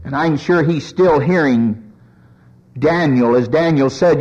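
A man preaching a sermon, his pitch rising as he voices the cries of sinners. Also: slow, darkish tone, husky, highs cut off.

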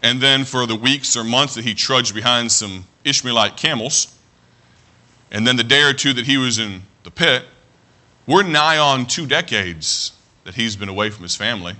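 Male pastor, mid-pitched, very bright sharp tone, earnest sermon delivery with restarts. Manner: earnest preaching with frequent restarts, slows to read scripture.

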